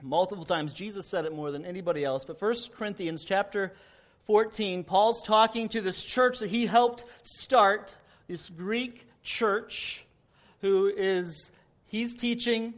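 High-voiced male pastor preaching. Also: measured pace. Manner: folksy, joking storyteller. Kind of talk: sermon.

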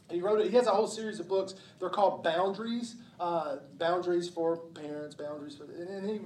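Male pastor, high voice, sermon, impassioned, echoey church room heard from a distance. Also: darkish tone, slight background noise. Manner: impassioned, repetitive, acts out inner voices. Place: church sanctuary.

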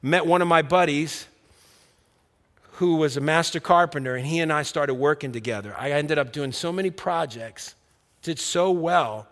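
A man preaching a sermon, telling his own story and acting out the dialogue, earnest and dropping soft on key words. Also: a little high, normal speed, in a large hall. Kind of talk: sermon with personal testimony.

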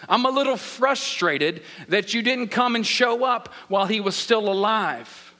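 A man's voice: high voice, animated, normal speed, fairly bright tone. A man voicing a grieving woman who pleads and complains to a friend who came too late. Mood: frustrated pleading. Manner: pleading, exasperated. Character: grieving, frustrated woman, sister of the dead man.

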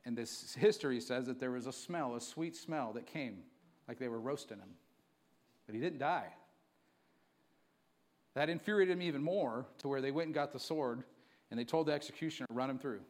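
A man preaching a sermon to his church, moving from quiet storytelling to fervent, emphatic preaching. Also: medium pitch. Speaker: pastor.

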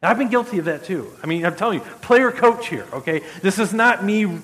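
A man's voice: high-pitched, animated, a little fast, a bit bright. Male pastor, standing, chatty sermon delivery with restarts; long hall reverb. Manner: conversational, repeats words when restarting. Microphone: standing while speaking.

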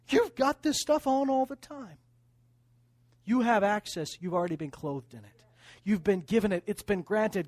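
A man preaching a sermon as pastor, with emphatic repeated phrases, swinging from quiet to loud. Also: high voice, lively intonation, moderate pace, no room sound, clean studio sound.

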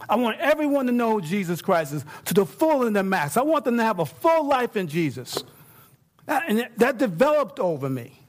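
A middle-aged man preaches as a pastor in a high, fairly quick voice. He keeps it conversational, moving back and forth between hushed points and bursts of excitement.

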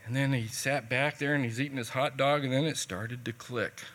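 A man's voice: mid-range voice, fairly even intonation, moderate pace, a bit bright. A man preaching a sermon in a conversational, folksy way, telling a personal story and retelling what people said.

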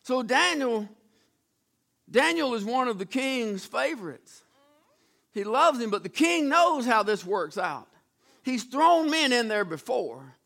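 A man's voice: very high voice, very animated, slow, creaky, a bit bright. A man preaching a sermon, retelling Bible stories in a folksy, dramatic way with acted-out voices. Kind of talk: storytelling sermon.

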